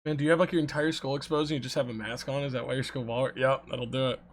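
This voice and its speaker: A young adult man streaming, telling stories to his chat in an animated, laughing way with frequent swearing. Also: medium pitch, quick pace. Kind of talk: casual storytelling to chat.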